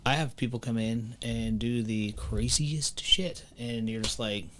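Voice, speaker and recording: A man's voice: medium pitch, steady tone, measured pace, noisy background. A man who owns a restaurant, telling stories in casual podcast chat and swearing freely. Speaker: pizza restaurant owner.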